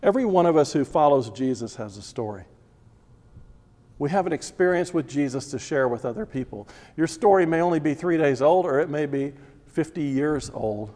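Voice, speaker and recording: In an expressive sermon at normal speed, a male Bible teacher presses his points with repeated phrases and sharp rhetorical questions. His darkish voice sits slightly high for a man, echoing with the long reverb of a big hall.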